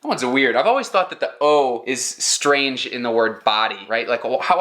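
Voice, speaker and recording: An upbeat American man teaches pronunciation straight to camera, his voice bright and forward at a middle pitch. He explains step by step and slows down to repeat each example word several times. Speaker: English teacher.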